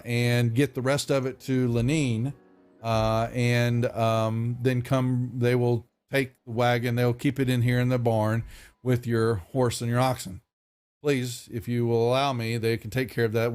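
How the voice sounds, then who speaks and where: A man's voice: mid-range voice, flat delivery, a little slow, a little mellow, clean tone, faint music behind, lightly acted. A man voicing a fussy, courteous middle-aged merchant and father, rambling along politely as he plays host. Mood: hospitable. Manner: hospitable and bustling, rambling politely. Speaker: character voiced by the game master.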